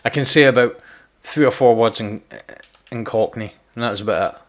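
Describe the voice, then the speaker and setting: In a relaxed live gameplay chat, a male streamer speaks in a mid-range voice at a moderate pace. He ribs the people watching and stumbles over words he repeats.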